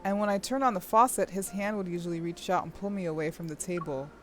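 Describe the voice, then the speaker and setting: A young woman streaming, reading a game's story aloud and breaking off into gushing, excitable commentary with squeals and laughter. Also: lowish voice, quick pace, faint music behind.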